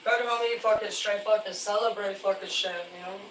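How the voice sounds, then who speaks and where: A man spins loose, profanity-laced stories of hard work at sea on a live stream. His voice sits back from the mic in a roomy, echoing space. Steady noise runs underneath. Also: high voice, brisk. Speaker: livestreamer, former commercial fisherman. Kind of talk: rambling live-stream storytelling. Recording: echoey, distant, noisy room.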